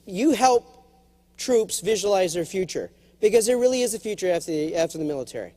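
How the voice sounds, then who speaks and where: Lively high-voiced man giving a keynote. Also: brisk. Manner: jokey and animated, slips into character voices. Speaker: keynote speaker. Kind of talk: humorous motivational keynote speech. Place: large conference hall.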